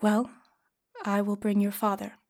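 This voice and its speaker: A woman reading the lines of a big, lonely homesteader who answers in short, quiet replies. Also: medium pitch, monotone, unhurried. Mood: quiet, grim.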